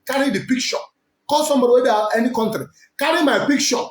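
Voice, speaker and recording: A man with a Nigerian accent preaching forcefully as a prophet, switching between English, Pidgin and Igbo. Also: very high-pitched, fast talker. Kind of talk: preaching to camera. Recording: echoey room.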